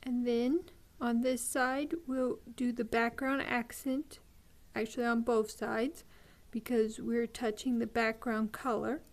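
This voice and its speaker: A woman hosting a beading tutorial, explaining each step patiently with frequent ums and pauses. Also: on the high side, flat delivery.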